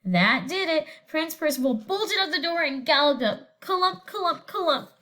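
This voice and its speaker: A woman teacher with a high voice reads a storybook to her class in an animated, expressive way. She stops now and then to ask the students questions about the pictures. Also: normal speed. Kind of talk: reading a picture book aloud to students.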